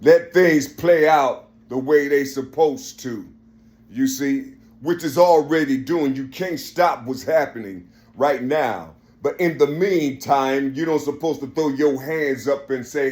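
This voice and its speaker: A man delivering an impassioned religious monologue as a preacher, emphatic and repetitive, swinging from raised, shouted lines to a low murmur. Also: a little slow.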